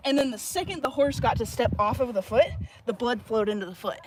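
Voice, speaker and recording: Brief: woman farrier, plainspoken, quick laugh, slightly high voice, noisy outdoor barn with animals. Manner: explains plainly, laughs easily. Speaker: farrier guest. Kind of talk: casual explanatory chat.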